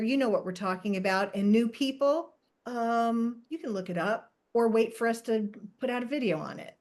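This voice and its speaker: A woman hosting a podcast in casual chat, animated and jokey, thinking aloud as she explains. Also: medium pitch. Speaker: podcast host and Human Design reader.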